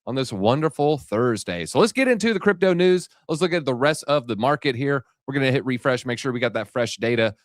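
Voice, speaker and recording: A man's voice: mid-range voice, no echo, clean studio sound. A man hosting a live crypto market show, hyped and a little out of breath, talking straight to his viewers. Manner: hyped, rapid-fire, addresses viewers directly. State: slightly out of breath. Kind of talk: energetic live-stream market commentary.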